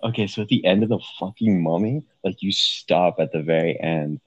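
Low husky young man, casual chat. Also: moderate pace, no room sound, highs cut off. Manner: laid-back, swears a lot, laughs often. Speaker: podcast co-host.

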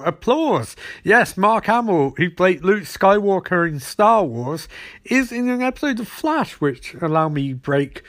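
High-voiced sarcastic man recapping. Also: very animated, measured pace, fairly bright tone. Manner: sarcastic, acts out characters' lines. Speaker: TV episode recapper. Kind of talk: comedic episode recap.

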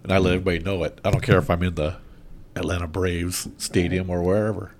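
A man with a somewhat low voice co-hosts a casual sports podcast. He tells lively stories that make fun of himself. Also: fast talker, a little hiss or hum. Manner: animated storyteller, mocks himself. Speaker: podcast co-host.

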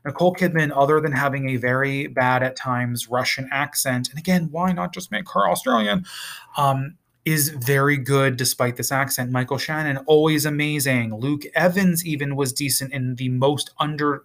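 A man's voice: medium pitch, fairly bright tone. Male vlogger, casual and profane, exasperated rambling delivery. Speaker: TV reviewer. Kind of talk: casual review vlog.

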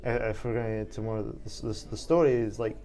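A man in casual podcast film chat, animated and rambling with fillers. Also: fairly low pitch, fast talker.

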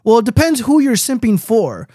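A man's voice: very high-pitched, big pitch swings, normal speed, dark tone, dry recording, studio quality. A young man hosting a casual livestream, rambling and swearing freely as he reads viewer comments aloud. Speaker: stream host.

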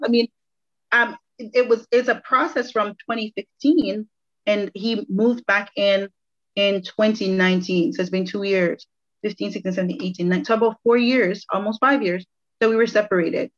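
A woman's voice: medium pitch, steady tone, measured pace, fairly bright tone. A woman guest sharing a personal faith testimony in an interview, earnest and reflective, repeating phrases for emphasis. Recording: dull lo-fi audio.

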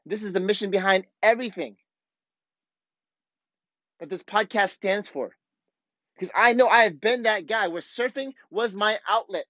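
A man with a slightly raised pitch hosts his podcast in a blunt, profane, worked-up monologue. The room is dead dry and the sound is a bit muffled. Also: a bit bright, no echo. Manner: blunt, profane, fired-up ranting. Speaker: podcast host. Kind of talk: casual monologue.

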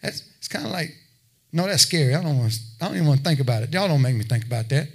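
A man's voice: medium pitch, expressive, rapid-fire, breathy edge. A man preaching a sermon, talking plainly with his listeners and building to emphatic exhortation. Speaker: pastor.

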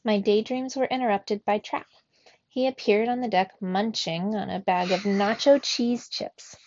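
A woman reading a children's storybook aloud in a slow, expressive way, as a teacher for young students. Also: medium pitch, a little hiss or hum. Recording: dull, dry recording.

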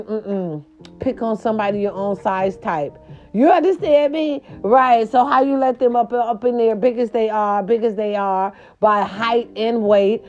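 Woman host for sassy celebrity gossip, emphatic and theatrical, mellow tone, muffled lo-fi sound. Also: fairly high pitch. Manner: sassy and emphatic, repeating catchphrases; theatrical, with swoops and growls.

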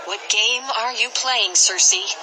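A woman's voice: on the high side, slow, crowd noise, noisy background, pitched above the performer's own voice. A woman voicing a heroic warrior princess who speaks firmly and with command in a storybook adventure. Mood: resolute. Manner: firm, commanding.

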